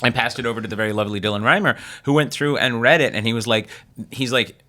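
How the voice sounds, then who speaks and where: A man's voice: medium pitch, fast, bright, forceful tone. A man hosting a comedy podcast in a studio, talking animatedly and laughing often. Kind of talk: casual podcast chat.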